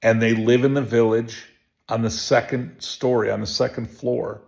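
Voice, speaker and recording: Guy with a gravelly voice rambling through a story from his own practice. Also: mid-range voice, moderate pace. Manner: relaxed, rambling with restarts and fillers. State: emotional. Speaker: chiropractor. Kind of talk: personal storytelling. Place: home.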